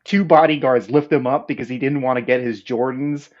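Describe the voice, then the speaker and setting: A man's voice: medium pitch, brisk, muffled recording. A man co-hosting a podcast, talking candidly and reflectively in casual chat. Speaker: podcast co-host.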